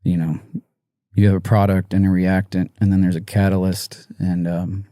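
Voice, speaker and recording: Low, mellow man, guest in an interview, halting and close to tears, dry sound. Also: flat delivery, no room sound. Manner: halting, soft-spoken, many pauses and restarts. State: emotional, near tears. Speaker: musician guest. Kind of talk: emotional interview storytelling.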